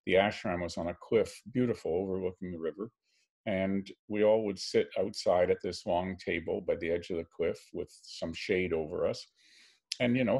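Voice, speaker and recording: An older Canadian man, a filmmaker, telling a story gently and reflectively as a guest on a video call. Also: low voice, creaky, breathy edge.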